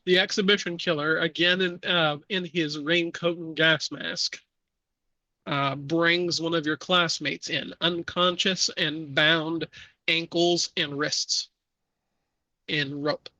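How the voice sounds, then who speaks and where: A man narrating as game master of a tabletop horror game, measured with frequent fillers. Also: fairly high pitch, steady tone, bright, forceful tone, no echo.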